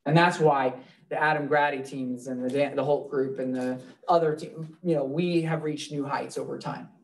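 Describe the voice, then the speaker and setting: A man's voice: sits high, recorded from a distance. A man leading a live real estate training class, talking loosely and joking with the room.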